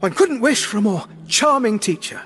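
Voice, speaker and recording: A man voicing a smooth, calm and flattering male alien minister. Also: very high voice, normal speed, soft background music, voice pushed up.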